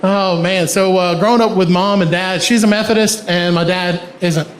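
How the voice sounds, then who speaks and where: A man's voice: high-pitched, fairly even intonation, moderate pace, crowd noise. A man doing a stand-up set in a punchy style, often laughing through his lines. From American South. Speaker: stand-up comedian. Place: live comedy venue. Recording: echoey live venue with audience noise.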